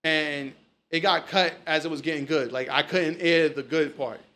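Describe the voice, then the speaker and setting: A man's voice: a little high, fairly even intonation, normal speed, a bit bright, a little hiss or hum. A man hosting a casual chat, telling stories loosely and swearing freely. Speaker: podcast host.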